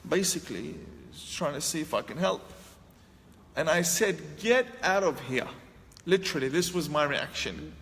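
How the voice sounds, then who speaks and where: Guy telling a story, kinda high voice, gets loud acting out his old lines, big hall echo. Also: moderate pace. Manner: animated, acts out his own past lines with raised voice. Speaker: speaker telling a personal story. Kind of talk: storytelling talk. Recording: long hall reverb, faint ambient noise.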